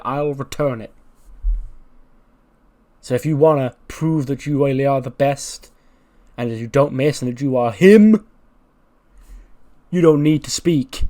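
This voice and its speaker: A man's voice: medium pitch, lightly acted. A man voicing a brash veteran male wrestling champion, delivering boastful trash talk.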